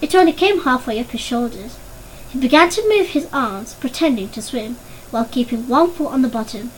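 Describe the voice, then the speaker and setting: Casting: female audiobook narrator, high-pitched voice, storytelling delivery, faint room ambience. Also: a little hiss or hum, rough recording. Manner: voices characters with raised pitch.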